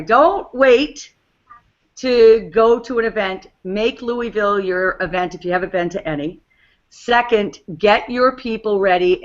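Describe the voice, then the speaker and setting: A woman's voice: mid-range voice, fairly bright tone. Upbeat New England woman hosting a team call, slightly dull sound. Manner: upbeat and encouraging. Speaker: host.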